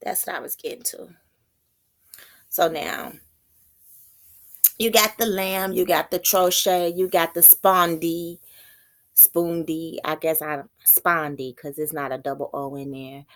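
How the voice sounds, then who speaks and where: A woman teaching poetic meter in an informal spiritual talk, thinking aloud, slowing down to read terms and stumbling over unfamiliar words. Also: lowish voice, fairly even intonation, a bit bright.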